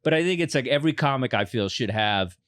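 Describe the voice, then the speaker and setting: A man's voice: mid-range voice, lively intonation, fast, fairly bright tone, clean tone, no echo. A man from Texas, a comedian guest in a casual chat, talking in a loose, rambling way full of fillers. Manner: rambling, filler-heavy storytelling.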